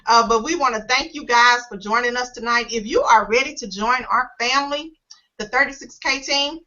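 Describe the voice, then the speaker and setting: High bright-voiced woman hosting a web call. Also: normal speed. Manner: upbeat, emotional, encouraging. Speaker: host. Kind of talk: casual online team call. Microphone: video call. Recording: dull lo-fi web call audio.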